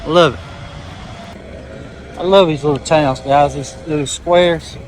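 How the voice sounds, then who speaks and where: A folksy man talks excitedly as he vlogs on a small town square. His voice sits fairly high and he repeats himself as he goes. Street noise is clearly heard around him. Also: slow, poor audio. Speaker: vlogger. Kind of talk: casual vlog.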